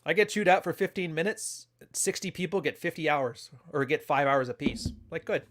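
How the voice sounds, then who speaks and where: A man's voice: a little high, moderate pace, fairly bright tone. A man hosting a casual livestream, telling a story in a blunt, profane way. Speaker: commentary host.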